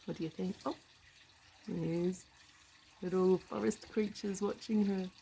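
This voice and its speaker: A woman reading a picture book aloud to children, animated, with gasps, hushed asides and questions to the listener. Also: on the low side, a little slow, gravelly, slight background noise, poor audio. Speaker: storybook reader.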